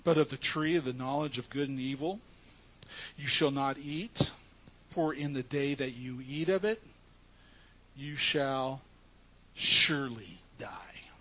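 A man's voice: medium pitch, a little slow, long pauses. A man preaching a sermon to his congregation, emphatic and earnest as he teaches from scripture. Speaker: pastor.

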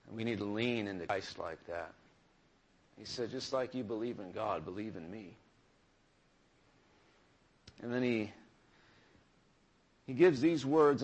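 A man preaching a conversational sermon, often restarting phrases and asking the congregation questions. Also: fairly low pitch.

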